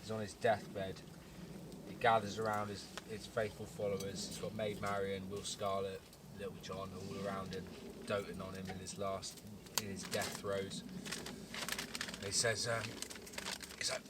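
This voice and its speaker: A man's voice: on the low side, little pitch movement, normal speed, pauses often, distant mic, very noisy. Man rambling through jokes at a rainy camp. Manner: rambling, hesitant storytelling with fillers and cursing. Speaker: camping vlog host. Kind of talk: casual joke-telling around camp. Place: outdoor woodland camp in rain.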